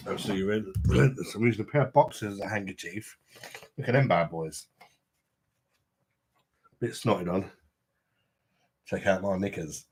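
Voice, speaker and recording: A man's voice: lowish voice, normal speed, long pauses, a little mellow, slightly rough. A man chatting casually on a live stream, rambling and swearing freely, with a chesty cough from an infection. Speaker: livestream host.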